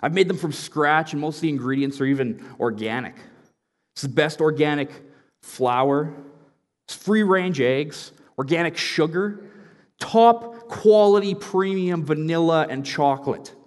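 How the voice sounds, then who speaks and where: A man voicing a calm, patient father who reasons in a steady tone. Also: fairly high pitch, a little slow, in a large hall, natural voice. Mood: coaxing. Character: calm, firm, patient middle-aged father.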